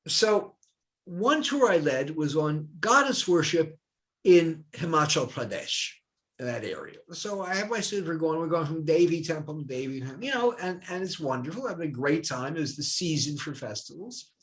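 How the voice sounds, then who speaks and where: An older man from New Jersey tells anecdotes one after another as a guest in a dialogue. He talks like a retired professor, and his pitch jumps around a lot. His voice sits slightly higher than most men's. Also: moderate pace. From New Jersey, USA. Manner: animated anecdotal storyteller. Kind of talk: storytelling in a dialogue.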